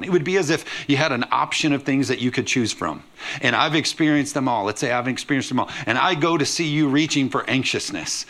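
A man preaching a sermon to a congregation as pastor, emphatic and lively, often asking the room if they are with him. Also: mid-range voice, moderate pace. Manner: emphatic preaching with call-and-response questions to the congregation. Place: church sanctuary.

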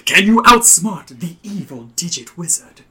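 Bright, lively podcast host man. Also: sits high, moderate pace. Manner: playful mock-dramatic announcer delivery. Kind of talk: casual comedic podcast banter.

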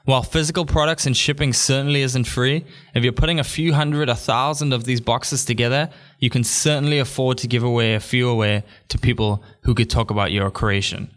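Upbeat young male podcast host, chatty monologue with quick jokey asides, mid pitch. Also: fairly even intonation, a bit bright. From England.

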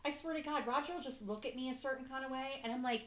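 A woman's voice: high voice, quick pace, reverberant. A woman in her early forties chatting casually, ranting with lots of swearing. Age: 40s. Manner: profane, animated ranting. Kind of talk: casual chat.

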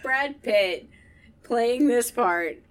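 A woman in casual conversation about a film, chiming in with amused remarks. She talks at an unhurried pace. Her pitch moves in a lively way. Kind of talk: casual movie chat.

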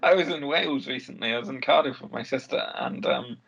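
A man with a mid-pitched voice co-hosts a podcast, telling stories in a relaxed, easygoing way. The recording sounds dull and a little lo-fi. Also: quick pace, vocal fry, breathy edge. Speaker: podcast co-host. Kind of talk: casual chat.

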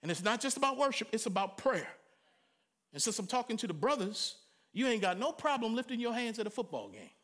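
A middle-aged pastor preaches a sermon a little fast in a high, bright voice, swinging widely from near-whispers to shouts. His speech is loose and colloquial, and he acts out the people he quotes.

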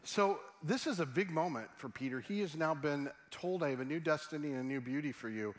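A man's voice: a little high, a little fast, slight background noise. A middle-aged man preaching a sermon in a humorous, conversational way, often asking his audience questions. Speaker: pastor.

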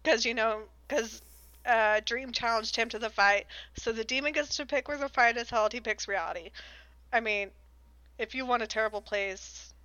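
Bright, clear-voiced woman chatting casually. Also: a little high, moderate pace, dry recording. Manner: giggly, rambling, sarcastic. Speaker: podcast co-host recapping a book. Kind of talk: casual chat.

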